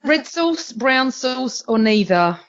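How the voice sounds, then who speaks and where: A woman's voice: sits high, sing-song. Bubbly woman podcast co-host. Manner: bubbly, quick questions. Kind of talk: casual chat. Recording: dull lo-fi recording.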